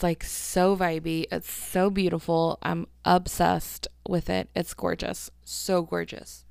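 A young woman hosts her own podcast, talking loosely and warmly to listeners as if catching up with a friend. Her voice sits low with a gravelly fry, and her speech is packed with "like" and "um" as she gushes. The sound is dry and close, with no room around it. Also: dry recording. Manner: chatty, filler-heavy, 'like' and 'um' everywhere; gushing and affectionate with listeners. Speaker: podcast host. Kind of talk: casual solo podcast chat.

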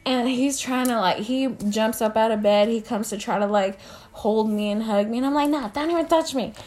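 A young woman sits at the mic telling a story in casual podcast chat. Her voice sits on the high side. She swears freely and throws herself into the quoted dialogue, getting loud on the big lines. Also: normal speed. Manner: animated, profane, acts out quotes loudly. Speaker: podcast co-host.

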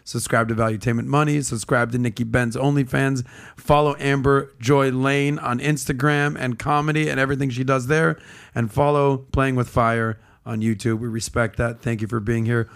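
A man's voice: medium pitch, flat delivery, moderate pace, creaky. A man hosting a podcast, chatting casually and wrapping up with playful jokes. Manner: playful, joking sign-off. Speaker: podcast host.

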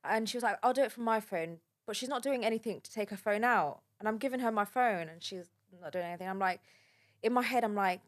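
A woman telling a personal story in a halting, shaken way, with many fillers. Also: medium pitch. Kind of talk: casual spoken account.

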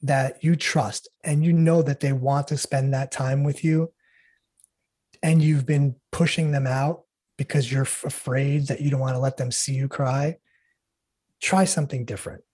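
A middle-aged man speaking earnestly and haltingly as a guest in an interview. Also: mid-range voice, steady tone, a little mellow, husky. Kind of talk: emotional interview talk.

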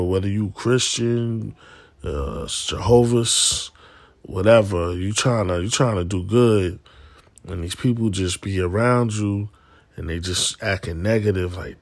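A man hosting a podcast, talking loosely in slang and acting out quoted people in animated voices. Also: on the low side, a little slow, no echo. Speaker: podcast host. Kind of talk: casual monologue.

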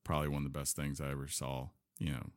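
Male co-host, very low voice, relaxed and halting, dry sound. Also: dry recording. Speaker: podcast co-host. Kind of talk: casual chat.

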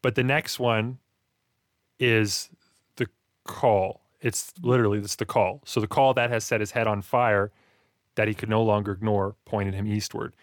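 A man with a fairly low voice talks through a story in a casual podcast chat. He is animated and slips into little acted-out reactions as he talks. The sound is dry and close, with no room around it. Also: moderate pace, no echo. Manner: animated, acts out reactions in quoted asides. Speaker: podcast co-host discussing writing.

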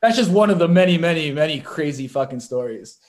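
A young adult boxer-poet talks casually in an interview, spinning rambling stories packed with fillers and curse words. His voice is on the high side, expressive, a little mellow, and a little fast.

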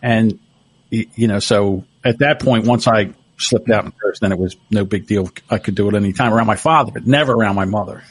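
A man's voice: on the low side, brisk, husky, no echo. A middle-aged man telling stories in casual chat, laughing often.

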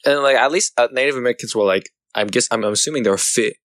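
A man's voice: medium pitch, racing, a bit bright. A young man in casual chat, blunt and joking, swearing now and then.

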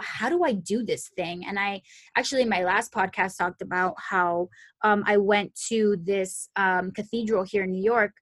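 A young adult woman hosts a podcast, telling a personal story casually and chattily, full of "like" and "um" with frequent restarts. Her voice is medium-pitched, with no echo.

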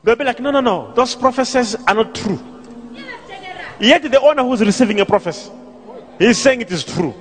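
A man preaching and prophesying at a live church service, commanding and repetitive, often shouting. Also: very high-pitched, animated, normal speed, long pauses. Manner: commanding, repeats questions, shouts phrases. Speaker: pastor and prophet.

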